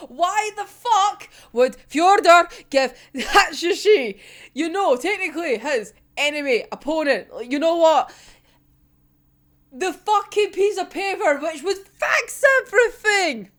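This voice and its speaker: A woman's voice: extremely high pitch, animated, takes it slowly, fairly bright tone. A young woman in a casual, profane reaction rant, exasperated and breaking into laughter. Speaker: manga reviewer.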